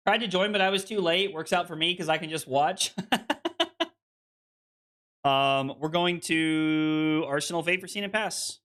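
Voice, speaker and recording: A man's voice: fairly high pitch, normal speed, few pauses, a bit bright. Chatty man streaming a card game. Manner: chatty, full of "like" fillers, reads chat aloud.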